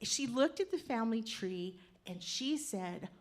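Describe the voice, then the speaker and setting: Animated woman telling a true story. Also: fairly high pitch, moderate pace, few pauses. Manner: animated, acts out the voices of family members. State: tearful while telling. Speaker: personal storyteller. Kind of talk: live personal storytelling.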